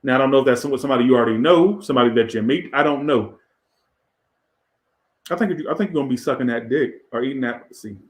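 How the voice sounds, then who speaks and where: A man's voice: mid-range voice, quick pace, roomy sound. A man doing a casual tarot reading in a crude, profane, rambling way. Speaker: tarot reader.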